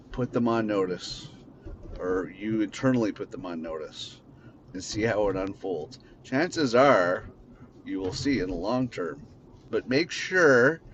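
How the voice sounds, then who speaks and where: A man's voice: fairly low pitch, dull audio, a little hiss or hum. A man hosting a podcast from his car, talking in a blunt, rambling way and swearing freely. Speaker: podcast host. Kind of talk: casual unscripted monologue.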